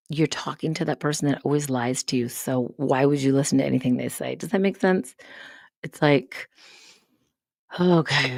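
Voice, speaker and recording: A woman live-streaming a casual monologue, sarcastic and rambling, swearing often and breaking into quick asides. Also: low voice, gravelly, a little mellow, no echo, studio quality. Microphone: studio mic up close.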